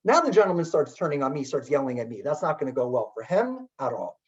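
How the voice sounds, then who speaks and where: A middle-aged man telling a story in a webinar talk as keynote speaker, chatty and animated with many filler words. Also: mid-range voice, quick pace. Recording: dull lo-fi webinar audio.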